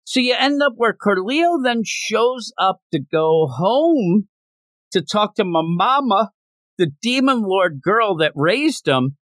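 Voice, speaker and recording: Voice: medium pitch, dry recording. A podcast co-host chatting casually about a manga, acting out lines from the story in bursts. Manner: animated, acts out dialogue in quick bursts. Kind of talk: casual manga review chat.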